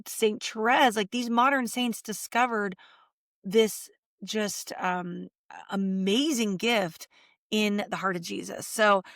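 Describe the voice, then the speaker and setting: Middle-aged woman, interview guest, lively storyteller, voices quotes, mid pitch, dry close mic. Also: slow, no room sound. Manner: animated storytelling, acts out quotes. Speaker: guest, Catholic speaker and author. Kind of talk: conversational interview.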